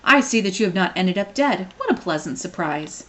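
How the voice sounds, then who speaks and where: A woman's voice: medium pitch, animated, normal speed, fairly bright tone, natural voice. A woman voicing a small, courteous male British pterodactyl in a storybook read-aloud. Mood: cheerful politeness. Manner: genteel, courteous.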